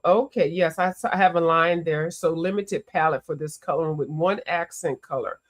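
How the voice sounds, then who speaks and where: A woman with a lowish voice chats at a moderate pace with few pauses while hosting a coloring livestream. She's animated and chatty, greeting viewers and exclaiming often.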